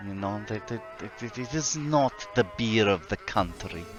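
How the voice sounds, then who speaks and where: A man voicing a stiff, blunt man with a put-on Russian accent, speaking slowly and formally. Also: lowish voice, expressive, over music, lightly acted. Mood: scornful. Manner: slow, formal speech without contractions.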